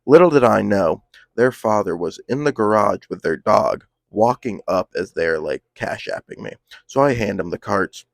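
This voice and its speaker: A young man with a low, gravelly voice rambles through a casual storytime, heavy on slang and swearing. The sound is dry and close. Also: animated, moderate pace, dry recording.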